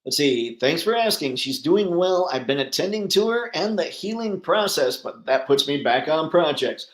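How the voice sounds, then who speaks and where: A man's voice: fairly high pitch, lively intonation, moderate pace, echoey room, poor audio. A man hosting a casual live stream, chatting and reading out viewer comments with rambling, easygoing talk and easy laughs. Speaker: livestream host.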